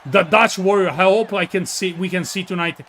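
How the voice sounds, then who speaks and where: Italian guy calling wrestling, high bright voice, yells on the big spots, slow drawn-out delivery. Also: a little hiss or hum. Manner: bursts into shouts on big moves, jokey asides to co-hosts. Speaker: wrestling commentator. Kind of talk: excited play-by-play commentary.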